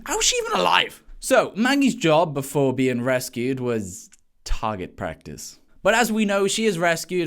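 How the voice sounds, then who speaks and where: A man's voice: a little high, a bit bright. Sarcastic man riffing on news. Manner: sarcastic, wisecracking. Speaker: comedy vlogger. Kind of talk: comedic news commentary.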